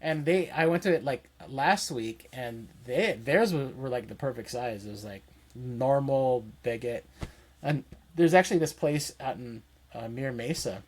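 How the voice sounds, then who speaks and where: A man's voice: medium pitch, normal speed. A man in casual podcast chat, rambling loosely and filling his talk with "like". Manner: rambling, full of fillers like "like". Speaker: podcast co-host.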